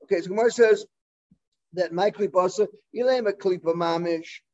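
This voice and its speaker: High-voiced man teaching a Talmud class. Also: darkish tone, lo-fi sound. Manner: halting, full of fillers and restarts, mixing Hebrew and Aramaic terms.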